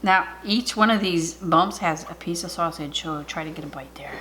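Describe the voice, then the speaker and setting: A woman hosting a casual home cooking video, chatty and excitable, talking straight to her viewers. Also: on the low side, moderate pace, slight background noise. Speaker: cooking vlogger. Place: home kitchen.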